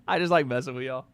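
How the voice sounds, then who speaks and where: A man's voice: medium pitch, smooth, no room sound, clean studio sound. A man hosting a livestream from home, joking and trading playful trolling banter with his chat. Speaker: livestream host.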